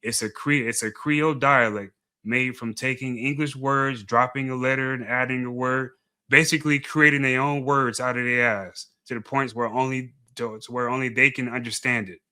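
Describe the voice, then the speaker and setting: A man's voice: medium pitch, fairly even intonation, normal speed, bright, forceful tone, clear, resonant tone. A man giving blunt, dismissive commentary, often repeating himself as he argues. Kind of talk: opinionated commentary video.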